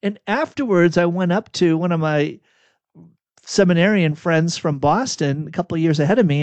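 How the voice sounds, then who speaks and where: A preacher telling chatty, self-deprecating anecdotes in a sermon. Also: male voice, a little high, normal speed, darkish tone, dry recording. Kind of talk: storytelling sermon. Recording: dull, dry lo-fi recording.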